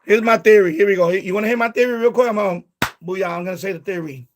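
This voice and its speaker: A man hosting a late-night live stream, chatting casually in an excitable, profane way and calling people bro. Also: high voice, fast, a little hiss or hum.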